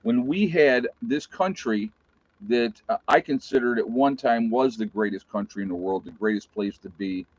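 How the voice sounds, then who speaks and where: A man's voice: mid-range voice, moderate pace, no echo. A middle-aged man with an Appalachian American accent, hosting a casual live stream, rambling, losing his train of thought and reading chat aloud. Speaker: livestream host. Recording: dull, slightly lo-fi dry sound.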